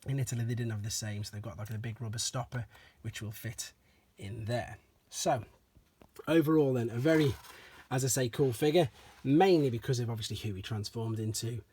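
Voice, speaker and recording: In a casual, chatty toy review, a man presents collectible figures, his husky mid-range voice running a little fast. He keeps repeating set expressions like "as I say," staying laid-back throughout.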